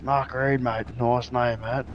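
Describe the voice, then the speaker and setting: A man's voice: mid-range voice, level tone, takes it slowly, highs cut off, a little hiss or hum. An Australian man chatting easily during game roleplay, rambling and agreeable. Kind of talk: casual in-character roleplay chat.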